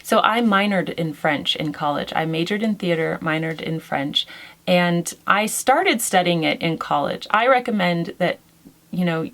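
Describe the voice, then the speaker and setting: Chatty woman, soft laughs. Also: lowish voice, animated, unhurried. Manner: gentle, chatty, frequent soft laughs and fillers. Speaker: lifestyle vlogger answering viewer questions. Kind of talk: casual chat.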